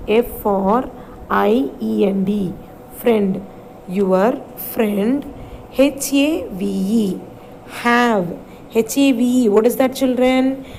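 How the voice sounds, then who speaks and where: A woman's voice: mid-range voice, darkish tone, a little hiss or hum, rough recording. A woman teacher with an Indian English accent, giving a recorded reading lesson to young children, spelling out words letter by letter and asking them questions. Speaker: primary school English teacher.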